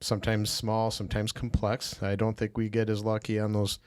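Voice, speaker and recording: A man's voice: lowish voice, monotone, moderate pace, dry recording. A man from Wisconsin hosting a podcast, musing through questions with frequent restarts. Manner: musing, hesitant, with many restarts. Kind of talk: conversational podcast interview.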